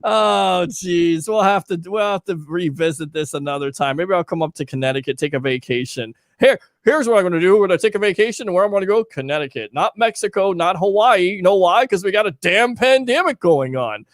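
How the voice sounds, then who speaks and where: A man's voice: high-pitched, brisk, few pauses, dry recording. A man hosting a live sports talk show, reading listener comments aloud and bantering with his co-host. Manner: animated, reads listener comments, jokey banter. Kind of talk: casual live call-in sports chat.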